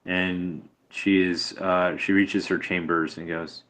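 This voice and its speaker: A man narrating as game master of a tabletop game, halting with many fillers. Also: low voice, little pitch movement, a bit bright.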